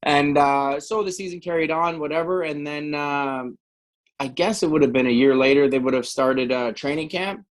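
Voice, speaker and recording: A man's voice: on the high side, moderate pace, rough recording. A middle-aged man from Canada, a former hockey player telling stories on a podcast in a rambling way, with many restarts. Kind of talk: casual storytelling.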